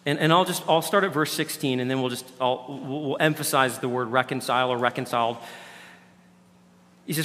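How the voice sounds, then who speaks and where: A man's voice: medium pitch, fairly quick, a bit bright, big-room sound. A man preaching a sermon in a loose, conversational way, often restarting his sentences. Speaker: pastor.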